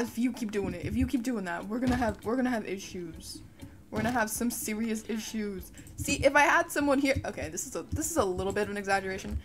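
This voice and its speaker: A young woman giving casual commentary over a game, frustrated and swearing, with sudden shouted outbursts. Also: on the high side, expressive, normal speed. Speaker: gaming YouTuber. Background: faint background music.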